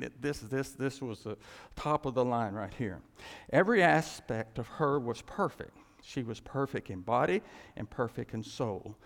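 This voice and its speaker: Man, preacher, sermon, lively swings, gravelly edge, animated, chuckling. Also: medium pitch. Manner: animated, rising to excited outbursts, with chuckles and restarts. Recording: long hall reverb.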